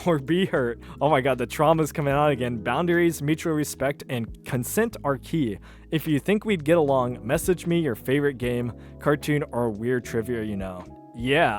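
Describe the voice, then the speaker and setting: A young man hosting reaction commentary, sarcastic and incredulous, with laughing asides as he reads posts aloud. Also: mid-range voice. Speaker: commentary host.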